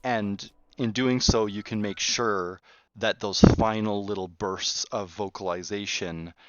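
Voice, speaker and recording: Deep-voiced rambling game developer. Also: male voice, fairly even intonation, measured pace, dry recording. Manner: rambling, with frequent restarts. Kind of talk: casual behind-the-scenes dev talk. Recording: dull, muffled, dry sound.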